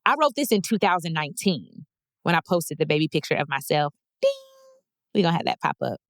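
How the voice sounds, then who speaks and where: A heartfelt woman in her twenties reads personal letters aloud on her podcast. Her voice sits a little low and is recorded close with no room sound. She sounds emotional and on the edge of tears, speaking with affirmation. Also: expressive, fast, no echo. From Texas. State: tearful. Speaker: podcast host.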